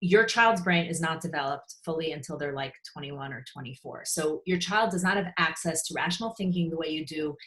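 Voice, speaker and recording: A woman's voice: low-pitched, brisk, few pauses, a bit bright. A woman giving parenting advice in a frank, conversational online talk, acting out short parent and child exchanges. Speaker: parenting speaker.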